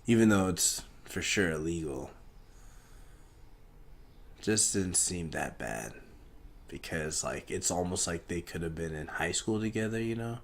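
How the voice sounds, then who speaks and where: A man's voice: low-pitched, animated, unhurried, gravelly, long pauses, slight background noise. A man hosting a casual solo podcast, rambling in a profane, laid-back way. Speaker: podcast host.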